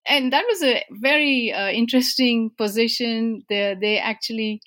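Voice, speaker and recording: A woman from India, answering interview questions in a warm, self-deprecating storytelling manner with frequent small hesitations. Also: on the high side, normal speed. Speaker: interviewee, organization president.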